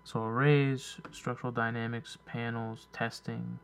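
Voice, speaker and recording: A man co-hosting a casual chat, thoughtful, sometimes slowly reading items off a list. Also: mid-range voice, level tone, vocal fry, a little hiss or hum. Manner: thoughtful, reads lists slowly.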